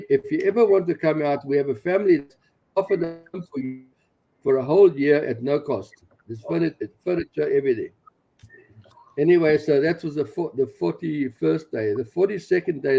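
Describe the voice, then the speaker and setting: A man in his sixties tells a personal testimony with a gravelly, husky voice, pitched a little high for a man. He talks in an animated way and chuckles often. The recording is dull and lo-fi. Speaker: missionary pastor.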